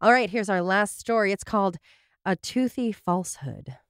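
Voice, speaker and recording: A woman's voice: medium pitch, expressive, normal speed, dry recording, faint music behind. A woman hosting a casual podcast, telling stories with dry, sarcastic asides. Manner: wry, sarcastic asides while reading a story. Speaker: podcast host.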